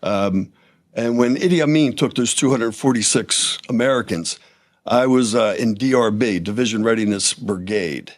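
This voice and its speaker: A man's voice: lowish voice, moderate pace, no room sound. Easygoing older male veteran guest. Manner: plain, easygoing recollection with fillers. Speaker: interview guest, military veteran. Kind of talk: casual interview chat.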